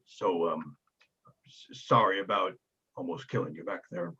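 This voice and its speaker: A man's voice: low-pitched, measured pace, pushed and bright, husky, muffled recording, voice pushed down, heavily acted. A man voicing a huge, shy male brute who talks in a sheepish, hesitant way.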